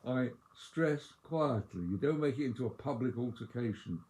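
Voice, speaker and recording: A man delivering a sermon as a rabbi, measured and emphatic, with loudness that swells and drops. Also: mid-range voice, animated, a little hiss or hum. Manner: measured, emphatic delivery with strong dynamic swings.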